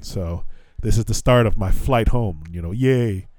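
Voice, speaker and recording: Profane storytelling man, low dry voice. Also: a little slow, a little mellow, no room sound. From United States. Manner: profane storytelling with laughs and quoted dialogue. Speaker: podcast host. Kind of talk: casual chat.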